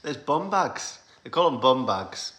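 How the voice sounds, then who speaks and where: Hosting a livestream for his band's fans, this man from the UK speaks at a medium pitch with a sing-song, slightly bright delivery and a measured pace. He rambles chattily with lots of fillers and laughter, in an echoey room.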